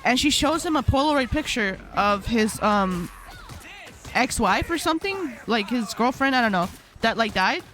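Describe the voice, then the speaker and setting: A woman's voice: fairly high pitch, lively intonation, moderate pace, fairly bright tone. A young adult woman streaming live, chatting casually with her viewers in a rambling, slangy storytelling way. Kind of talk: casual live-stream chat while gaming.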